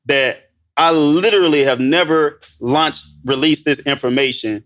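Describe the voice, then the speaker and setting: An excited man telling stories on a podcast, calling his host "bro" again and again. He acts out what others said in a sudden higher voice, then drops back to an everyday pitch. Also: a little slow. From Missouri, United States. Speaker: guest entrepreneur. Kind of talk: animated podcast storytelling.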